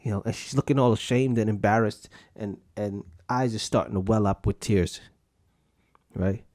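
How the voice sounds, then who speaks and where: Hosting a podcast, a young adult man tells profane, jokey stories in a loose, casual rant marked by sudden pitch jumps. His voice has a steady tone, a moderate pace, and a slightly mellow quality.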